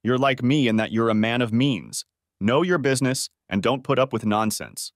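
A man voicing a reserved male lawyer who speaks in a measured, serious way. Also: mid-range voice, no echo, clean studio sound, natural voice.

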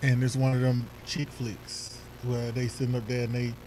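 A man co-hosting a casual talk show, speaking at an average pitch. He is an animated storyteller who acts out the voices of other people. There is a faint hum of noise behind him. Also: normal speed, low-quality recording. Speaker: podcast co-host; youth football coach. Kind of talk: casual chat.

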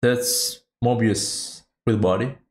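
A man, a VTuber from Indonesia, gives an excited, hoarse reaction commentary. He yelps and hums along with the trailer music. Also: slow. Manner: bursts into high-pitched screams and hums along with the music. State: hoarse from screaming.

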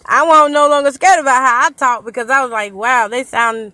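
A woman's voice: sits high, fast, pushed and bright. Chatty Southern grandmother from North Carolina. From North Carolina, USA. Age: older. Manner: chatty, folksy, country talk with y'all. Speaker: vlogger, grandmother. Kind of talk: casual unscripted vlog chat. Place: in her car during a rainy storm.

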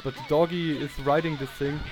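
A man's voice: fairly high pitch, fairly even intonation, fairly quick, over music. A man, chatting casually while streaming a game and greeting viewers, often laughing. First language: German. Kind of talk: casual gameplay commentary.

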